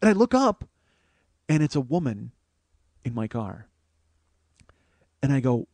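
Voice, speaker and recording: A man's voice: mid-range voice, very animated, measured pace, long pauses, darkish tone, no room sound. A man hosting a podcast, telling a rambling, profane comic story that gets more and more worked up. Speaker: podcast host. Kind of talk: comedic storytelling monologue.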